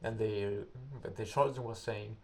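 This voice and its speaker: A young English-speaking man tells a story casually, rambling and halting as he searches for words and acts out quotes loudly. His voice is on the low side with a steady tone, over slight background noise.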